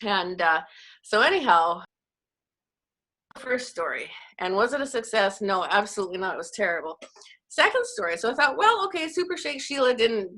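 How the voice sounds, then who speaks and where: Her voice sits in the mid-range and sounds sharp. A network marketing coach from Canada, she's on a laid-back video call, chatting away and telling stories that make fun of herself.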